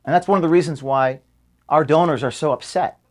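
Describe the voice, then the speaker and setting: A man recording an emotional statement to his staff from an office, earnest and close to tears, his voice sinking low and quiet at times. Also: brisk. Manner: earnest, voice dropping low and quiet when moved. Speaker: organization founder addressing staff.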